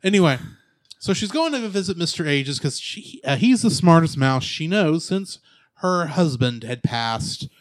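A man co-hosting a casual movie podcast, retelling the plot with jokes and quick asides. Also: on the high side, lively intonation, dry recording. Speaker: podcast co-host. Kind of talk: casual movie recap chat.

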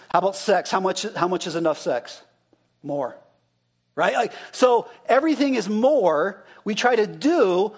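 This is a pastor delivering a sermon in a loose, chatty way. His voice sits notably high for a man. He keeps turning to the people in front of him with questions and repeats what they call out. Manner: conversational, asks the congregation questions and repeats their answers. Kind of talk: interactive sermon.

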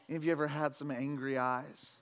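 A pastor preaching a sermon, swinging between loud fervent declarations and relaxed, joking talk with the congregation. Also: male voice, fairly high pitch, fast. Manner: preaching with loud emphatic shouts, then conversational with jokes.

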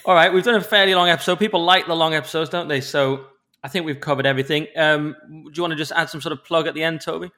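A man's voice: on the high side, quick pace, pushed and bright. A man co-hosting a podcast in casual, jokey chat, laughing often. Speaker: podcast co-host.

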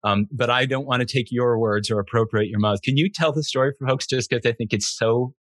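A man's voice: medium pitch, brisk, dry recording. A man hosting an interview, talking in stops and restarts and laughing often. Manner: warm-hearted, stumbling restarts, laughs often. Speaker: host. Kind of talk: interview conversation.

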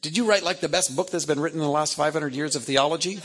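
A man putting on the voice of an excitable, blunt man on a phone call, sounding incredulous and eager. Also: on the high side, fast, slightly rough. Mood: amazed.

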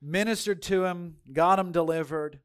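A male pastor preaches in an animated, folksy storytelling style and talks straight to his congregation. His voice sits fairly high for a man. He swings from loud emphasis to hushed asides. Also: moderate pace, clean tone. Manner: folksy, addresses congregation directly. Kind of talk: sermon.

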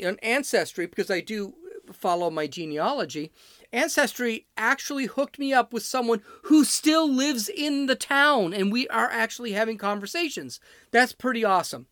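Delivering an off-the-cuff, digressive rant on his podcast, a man from Chicago speaks bluntly in a high, somewhat bright voice that is clear and resonant. The studio-quality recording has no room sound.

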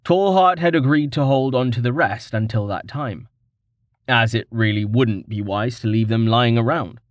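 A man narrating a fantasy novel in a measured, expressive reading. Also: mid-range voice, dry recording, clean studio sound. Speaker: audiobook narrator.

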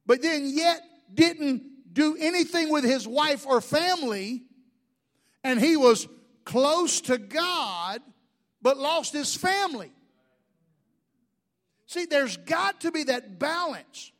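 A man. He keeps the sermon lively with jokes, asides and stumbling restarts. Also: very high voice, slow pace, long pauses. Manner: animated, joking storyteller with many restarts. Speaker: pastor.

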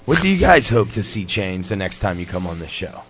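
A man's voice: sits low, very animated, fairly quick, crowd noise. A man hosting a podcast in casual chat, laid-back and joking, with lots of fillers. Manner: laid-back, laughs often, rambling fillers. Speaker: podcast host.

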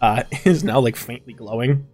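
A man narrating a tabletop game as game master in a relaxed way with many fillers. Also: medium pitch, moderate pace.

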